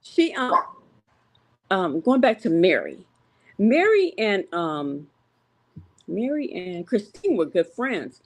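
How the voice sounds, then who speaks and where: A woman's voice: mid-range voice, sing-song, takes it slowly, pauses often. A woman calling in to a show, hesitant with many ums, giving firm opinions. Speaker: caller. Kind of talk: casual call-in opinion.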